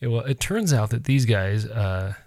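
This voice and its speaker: A man in his thirties co-hosting a casual podcast, telling an animated, rambling story with lots of restarts. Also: medium pitch, moderate pace, no echo, studio quality. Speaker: podcast co-host.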